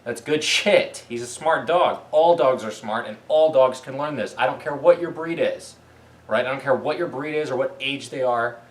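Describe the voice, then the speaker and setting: A man ranting bluntly about dog training, swearing often, tagging "right?" onto his points, and breaking off to give his dog commands. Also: normal speed. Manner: blunt, profane, keeps asking "right?"; calls commands to his dog and praises it in a high voice. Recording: echoey, mic at a distance.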